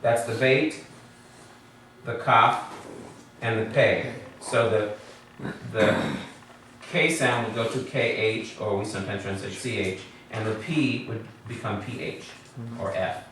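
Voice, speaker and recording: A man's voice: on the low side, slow pace, pauses often, fairly bright tone, a little hiss or hum. A man teaching a Hebrew class, patiently explaining letters and vowels and quizzing his students. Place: classroom in a congregation building. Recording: very echoey room, mic far off.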